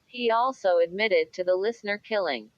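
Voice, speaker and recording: Female audiobook narrator, measured true-crime read, dry booth sound, a bit muffled. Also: medium pitch, dry recording.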